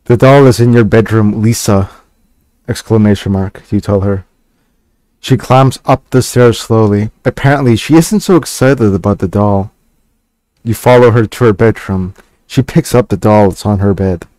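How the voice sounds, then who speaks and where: A man reading a text game aloud and stopping for hesitant, halting asides with fillers and restarts. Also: fairly low pitch, dark tone, dry recording. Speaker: gaming channel host.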